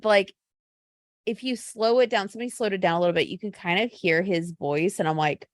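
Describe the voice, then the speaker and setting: A woman co-hosting a casual chat podcast, talking at a middle pitch. She tells stories in a gushing, animated way. The recording is dry and close, with no room sound. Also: brisk, dry recording. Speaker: podcast co-host.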